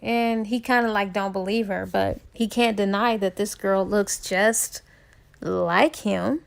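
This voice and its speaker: Gravelly-voiced woman chatting through a book. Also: mid-range voice, fairly even intonation, slow. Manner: chatty, filler-heavy with "he was like". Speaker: book reviewer. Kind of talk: casual retelling of a novel's plot.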